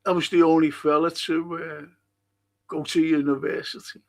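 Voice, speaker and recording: A man's voice: a little high, little pitch movement, normal speed, gravelly, a little mellow. An older man hosting a podcast, chatting in a rambling way and answering listener messages. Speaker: podcast host. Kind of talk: casual chat reading listener messages.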